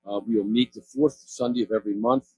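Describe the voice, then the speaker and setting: A man's voice: fairly low pitch, steady tone, quick pace, dark tone, lo-fi sound, a little hiss or hum. A man in his sixties giving a talk about community work, telling stories in a rambling, self-correcting way with chuckles. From California. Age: 60s. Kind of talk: storytelling talk. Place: event stage.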